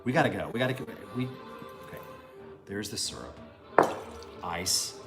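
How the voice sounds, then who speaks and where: A man's voice: on the low side, big pitch swings, measured pace, music in the background. Rambling man hosting a home cocktail show. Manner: joking, rambling explanations with many fillers. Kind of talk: casual cooking chat. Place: home kitchen.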